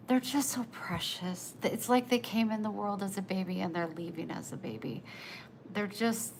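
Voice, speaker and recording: A woman's voice: mid-range voice, a bit bright, slight background noise, rough recording. A woman livestreaming, chatting with her viewers in a tender, emotional, rambling way. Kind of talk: casual live chat.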